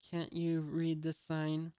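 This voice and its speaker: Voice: medium pitch, slow pace, clean tone, dry recording, natural voice. A reader doing an arrogant spoiled rich boy. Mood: sneering. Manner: reads the lines flatly, barely changing voice. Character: spoiled rich young man, arrogant and cruel. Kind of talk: reading a comic aloud.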